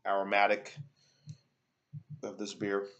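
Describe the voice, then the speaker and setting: Congested, nasal man, deep voice, halting home-vlog review, laptop mic. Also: completely flat delivery, fairly bright tone, dull audio. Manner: rambling, hesitant with many fillers. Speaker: beer reviewer. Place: at home, moving between rooms. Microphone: laptop built-in mic.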